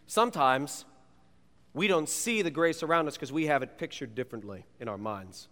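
A man, a youth pastor, preaching a sermon and telling stories in an animated, playful way. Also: medium pitch, normal speed. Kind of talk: sermon with personal storytelling. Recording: long reverb of a large hall.

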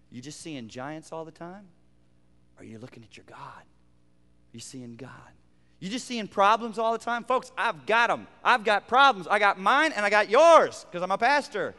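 Male pastor, high and smooth-toned, preaching with emphatic repetition; reverberant sanctuary. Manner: preaching with rising emphatic repetition and sudden quiet drops. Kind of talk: sermon.

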